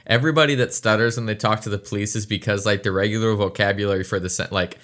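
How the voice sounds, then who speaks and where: Crude joking man, lower voice. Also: fairly even intonation, fast talker, fairly bright tone. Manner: crude, jokey, acts out mock-formal voices. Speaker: podcast co-host. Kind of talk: casual chat.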